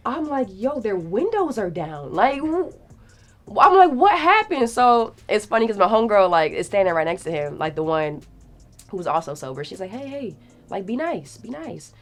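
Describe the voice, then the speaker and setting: A young woman telling a story in a casual, animated way, acting out the quotes and swearing freely. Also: mid-range voice, normal speed, faint music behind.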